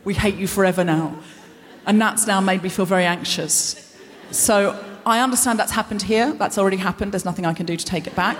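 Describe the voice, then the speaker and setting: Woman comedy host doing live stand-up, self-deprecating and anxious, mid-pitch voice, long hall reverb. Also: a little fast. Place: large concert hall stage.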